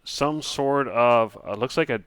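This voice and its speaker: Clear-voiced man running a tabletop game. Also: mid-range voice, a bit bright, no room sound. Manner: halting, lots of ums and uhs. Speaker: game master.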